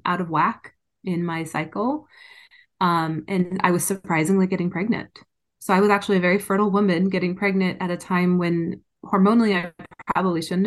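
A woman being interviewed, telling a personal story candidly and with emotion. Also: on the low side. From United States. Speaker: interview guest.

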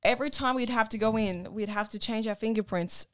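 A woman's voice: on the high side, a little fast, a bit bright, clear, resonant tone, no room sound, studio quality. A young woman co-hosting a podcast with her twin sister, chatting casually with frequent restarts. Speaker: podcast co-host. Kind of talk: casual chat.

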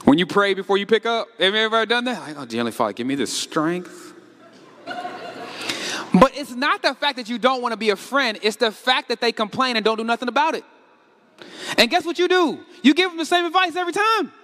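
A man preaching a sermon with animated rhetorical questions, casual slang, and a conversational pull on the congregation. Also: extremely high pitch, fast, in a large hall.

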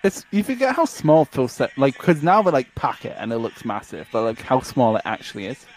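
A man co-hosting a casual wrestling watchalong podcast, excitable and quick with sweary asides. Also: mid-range voice, low-quality recording. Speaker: podcast co-host.

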